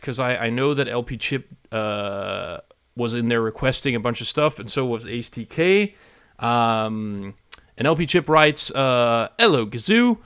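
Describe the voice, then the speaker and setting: A man's voice: medium pitch, gravelly, a bit bright, clean tone, no echo, studio quality. A man hosting a live stream, chatting casually and rambling with self-deprecating humor to his viewers. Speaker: livestream host.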